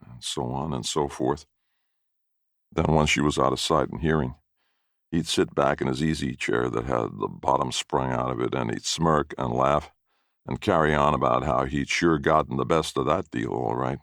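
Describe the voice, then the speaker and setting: A man narrates a short story in a wry, folksy manner. His voice sits extremely low. The recording is dry and close. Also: moderate pace, vocal fry, fairly bright tone, dry recording. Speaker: story reader.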